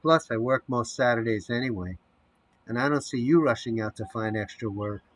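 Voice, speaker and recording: A man's voice: mid-range voice, normal speed, close to an everyday voice. A man voicing a hopeful auto shop owner who talks in an upbeat, self-encouraging way. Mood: defensive.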